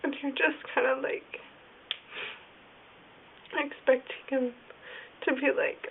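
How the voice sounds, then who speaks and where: A high-voiced woman with a creaky, gravelly edge, rambling through a personal video diary. She talks in halting stretches full of "like" fillers. The sound is thin and phone-like, with a faint hiss underneath. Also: steady tone. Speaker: vlogger. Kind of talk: casual video diary confession. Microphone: phone or camera filming herself.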